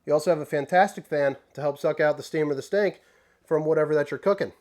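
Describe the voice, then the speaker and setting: A man hosting a casual walkthrough tour inside an RV, talking in a folksy, joking way with relaxed slang. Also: a little high, fast. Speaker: RV tour host.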